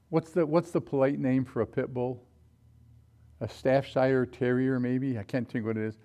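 A man preaching a sermon, telling personal stories in an animated way and acting out quotes with sudden jumps in his voice. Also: medium pitch.

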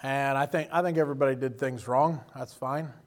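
A man's voice: medium pitch, steady tone, fairly quick. A man preaching a sermon in a folksy, joking way, acting out quoted voices. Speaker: pastor.

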